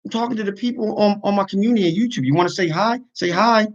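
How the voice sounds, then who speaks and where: Guy on a live stream venting, kinda high voice, muffled lo-fi audio. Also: fast. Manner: earnest, venting frustration. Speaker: YouTuber and podcaster. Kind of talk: casual livestream talk.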